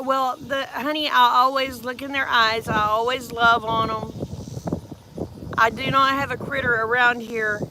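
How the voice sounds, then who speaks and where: A woman's voice: on the high side, noisy background. A woman, chatting folksily about her farm in a casual storytelling vlog. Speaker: farm vlogger.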